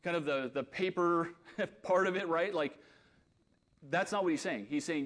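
A man preaching a sermon in an earnest tone, moving between loud emphatic lines and quiet, intense ones. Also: on the high side, moderate pace. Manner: leads a closing prayer.

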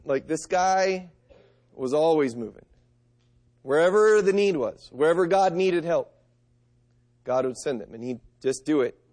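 A man's voice: on the high side, expressive, measured pace, pauses often, a little mellow. A middle-aged man preaching a sermon, reading scripture and telling stories in an earnest, conversational way. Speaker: pastor.

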